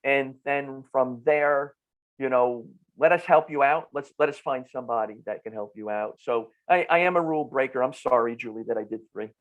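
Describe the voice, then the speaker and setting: A man in his fifties with a North Jersey accent, a nutritionist guest talking in an animated way and often repeating words. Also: mid-range voice, normal speed, lo-fi sound. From New Jersey. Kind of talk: casual podcast interview.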